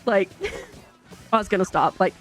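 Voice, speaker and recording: A woman's voice: mid-range voice, slow, fairly bright tone, soft background music. A woman streamer telling a long family story in casual, chatty talk full of fillers.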